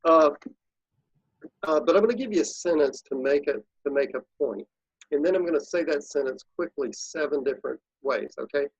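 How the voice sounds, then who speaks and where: A man speaking as an interview guest, coaching listeners in an animated, emphatic way. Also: a little high, moderate pace, slightly rough, dry recording, dull audio. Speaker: guest, productivity speaker and consultant. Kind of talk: casual interview talk.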